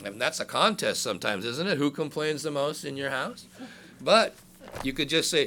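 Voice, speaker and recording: A pastor in his sixties preaches conversationally, his high-leaning voice expressive, bright and forceful at a moderate pace. He jokes with the congregation, makes asides, and reads scripture aloud in a raised voice, with slight background noise.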